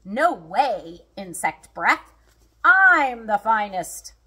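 Woman playing a big show-off tiger, loud and drawly, kinda husky. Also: mid-range voice, sing-song, measured pace, full character voice. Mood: boastful. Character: boastful vain male tiger.

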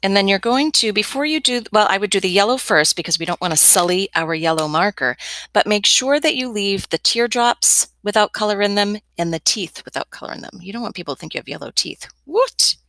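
A woman's voice: medium pitch, expressive, brisk, sharp tone, no room sound. A young woman teaching a step-by-step drawing lesson as an art teacher, chatty and encouraging with playful asides.

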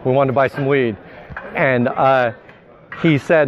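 A man's voice: medium pitch, unhurried. A man, a poker player, telling a story in a casual interview, rambling with many fillers and restarts. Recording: dull lo-fi sound.

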